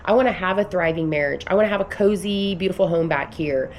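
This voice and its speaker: A lowish-voiced American woman in her thirties talks fast in a casual motivational vlog, with slight background noise. Earnest and emphatic, she coaches on business and belief, drifting and restarting her sentences along the way.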